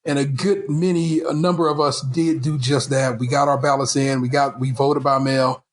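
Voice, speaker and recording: A man's voice: mid-range voice, fairly even intonation, normal speed. Man ranting angrily as podcast host. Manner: heated, profane ranting with frequent restarts. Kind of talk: casual chat.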